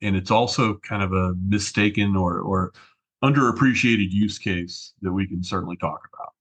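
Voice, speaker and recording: A man's voice: low voice, fairly even intonation, moderate pace, fairly bright tone. A man, a regular guest on a tech podcast, chatting and reminiscing with many fillers. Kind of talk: casual podcast chat.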